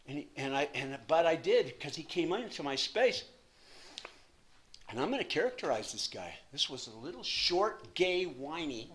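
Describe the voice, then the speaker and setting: A man in his sixties speaking at a recovery meeting from a podium, telling his story in an animated, self-deprecating way with lots of repetition. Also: fairly high pitch, moderate pace. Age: 60s. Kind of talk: personal recovery story talk.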